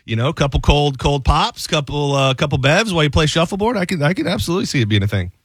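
Fast-talking male radio host. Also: a little high, breathy edge, dry recording, clean studio sound. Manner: fast, rambling, animated storytelling. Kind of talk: casual talk radio banter. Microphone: studio mic.

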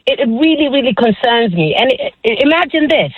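A woman's voice: high voice, sing-song, a little fast, breathy edge, no echo. A woman from Africa calling in to a radio show, speaking earnestly and repeating herself. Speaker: caller. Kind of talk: call-in to talk radio. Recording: tinny phone line.

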